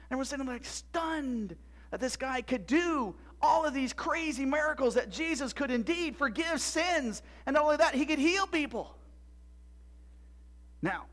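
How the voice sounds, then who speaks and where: A man playing an excitable little boy. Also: extremely high pitch. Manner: eager, breathless retelling with stammered restarts. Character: excitable little Jewish boy in Jesus' time. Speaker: church storyteller. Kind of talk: dramatic monologue for a church audience.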